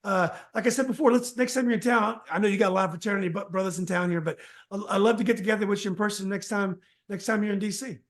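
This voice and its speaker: A man's voice: high-pitched, quick pace, hardly any pauses. A man hosting a podcast interview, talking in a casual, conversational way and often restarting his sentences. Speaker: podcast host.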